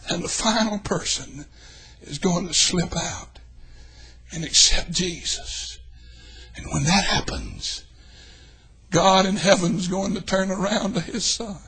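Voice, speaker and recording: An older man preaching a revival sermon in a church, telling folksy stories and swinging from hushed tones to shouting. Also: high voice, very animated, a little slow, husky.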